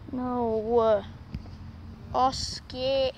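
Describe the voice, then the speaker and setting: A woman's voice: on the high side, fairly even intonation, extremely slow, low-quality recording. A young woman vlogging outdoors while walking her dog, pleading and exasperated as she coaxes him along, recorded on a handheld camera. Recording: loud outdoor noise on camera mic.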